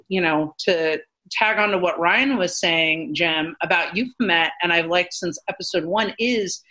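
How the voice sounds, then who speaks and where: A woman co-hosting a podcast as a paranormal researcher, speaking earnestly in animated, quick bursts. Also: fairly low pitch. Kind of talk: casual podcast discussion.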